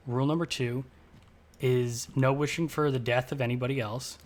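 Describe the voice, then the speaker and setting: Casual man telling a long rambling joke. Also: mid-range voice. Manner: casual, profane, with many fillers and restarts. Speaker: streamer. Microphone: streaming mic.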